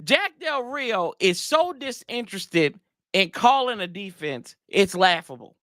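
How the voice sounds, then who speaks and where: A man with a notably high, bright voice rants as a sports show host. His pitch swings widely as he rambles, exasperated, and throws slangy asides to his viewers. The sound is dry and close. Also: very animated, measured pace, no echo. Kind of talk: casual sports rant.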